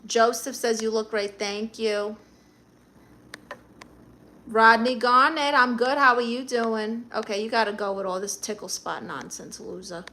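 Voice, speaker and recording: A woman's voice: fairly high pitch, a little slow, pushed and bright. A middle-aged woman with a Brooklyn accent, hosting a live stream and reading chat comments aloud with blunt, sassy comebacks.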